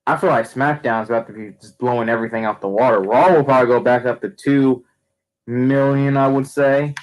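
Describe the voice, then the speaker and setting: A man's voice: medium pitch, fairly even intonation, a little fast, low-quality recording. Young man, wrestling streamer, casual rant, rambling, frequent restarts.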